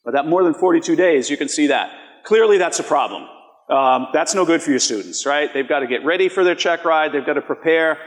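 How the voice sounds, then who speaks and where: A man giving a conference presentation, walking an audience through live polls in a conversational way and often asking them rhetorical questions. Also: on the high side. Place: conference hall. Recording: long reverb of a large hall.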